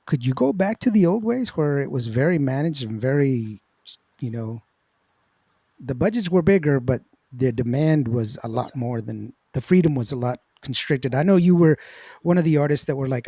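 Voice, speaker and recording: Chill guy hosting an interview, mellow tone, rambles a bit, dry close sound. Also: medium pitch, animated, normal speed, slightly rough, dry recording. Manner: rambling, loose, with many fillers and restarts. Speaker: interview host. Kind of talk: casual interview chat.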